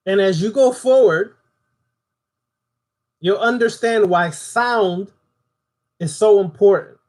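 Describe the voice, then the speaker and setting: A man's voice: sits high, slow pace, a little mellow. A man giving a spoken occult lesson, preaching and putting questions to his audience. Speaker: occult teacher.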